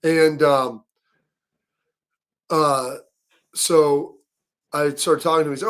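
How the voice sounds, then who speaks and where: A man's voice: fairly high pitch, flat delivery, measured pace, pauses often. A male sports-show host with a slightly raised voice chats casually. He rambles through his stories, full of fillers and restarts.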